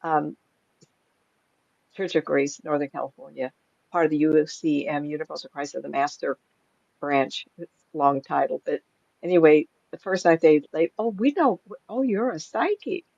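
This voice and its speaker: A woman's voice: low voice, level tone, normal speed, creaky, pauses often, darkish tone, no echo, highs cut off. An older woman, a psychic medium, chatting casually in an interview, rambling through stories and laughing often.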